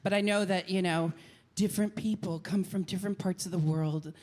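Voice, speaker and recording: A middle-aged woman from Portland, Oregon, performing stand-up comedy on a live stage with a handheld mic, talking theatrically and breaking into shouted rants. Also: lowish voice, steady tone, a little fast. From Portland, Oregon, USA. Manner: theatrical, swings into loud shouted rants and sung bits. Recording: live stage recording, crowd and noise. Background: audience laughter.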